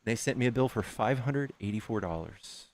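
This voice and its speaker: A man's voice: mid-range voice, lively intonation, normal speed. A man hosting a casual debate stream, talking loosely with many fillers and restarts. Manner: casual, hesitant, lots of fillers. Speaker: stream host.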